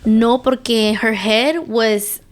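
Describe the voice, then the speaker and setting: A woman's voice: on the high side, steady tone, takes it slowly. A young woman guest on a podcast, casually telling a story in English mixed with Spanish words. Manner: mixes Spanish words into English, tells her birth story. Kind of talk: casual chat.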